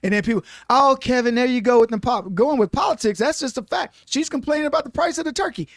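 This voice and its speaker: A man with a notably high voice for a man, talking boisterously and acting out quotes in changing voices. The sound is dry and close, with no room around it. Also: animated, quick pace, creaky, dry recording. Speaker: guest, radio host and commentator. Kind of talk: animated political chat.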